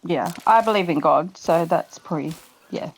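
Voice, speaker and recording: Woman, guest on a call, casual chat, calm, short matter-of-fact replies. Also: lowish voice, normal speed, breathy edge, rough recording.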